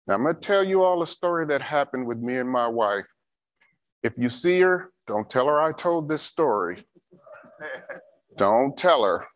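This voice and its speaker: A man's voice: on the high side, animated, measured pace. A man giving a church safety training talk, repeating key instructions and telling a personal story.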